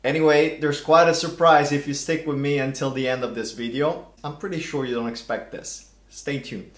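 Male vlog host, middle-aged, theatrical and animated, bit high, roomy echo. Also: normal speed. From Italy. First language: Italian. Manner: animated, theatrical, exaggerated outrage. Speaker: language channel host. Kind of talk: casual vlog commentary. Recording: echoey room.

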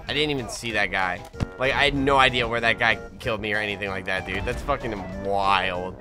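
A man giving casual gameplay commentary as a gaming video host, excitable and swearing often, with frequent laughs. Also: fairly low pitch, fairly quick, over music. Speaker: gaming YouTuber. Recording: game gunfire behind voice. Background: game gunfire and explosions.

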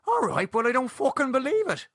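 A man voicing an excitable, foul-mouthed young man with a husky voice who swears constantly and bristles with indignation. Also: medium pitch, moderate pace, dry recording, clean studio sound, heavily acted. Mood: shocked.

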